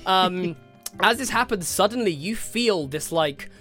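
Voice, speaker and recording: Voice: mid-range voice, expressive, a little slow, fairly bright tone, faint music behind. Game master narrating casually. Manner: casual, full of fillers and giggles.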